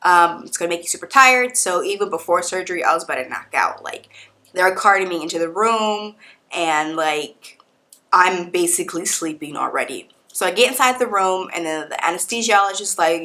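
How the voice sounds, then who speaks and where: A woman's voice: lowish voice, fairly quick. A young woman vlogging casually, telling a story in a slangy, playful way and acting out what others said. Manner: animated, acts out quotes of doctors and nurses.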